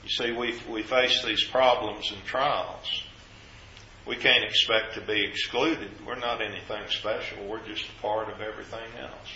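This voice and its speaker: A man preaching a sermon, earnest and explanatory, rising in pitch as he quotes scripture. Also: steady tone, unhurried, pushed and bright, echoey room, dull audio, a little hiss or hum.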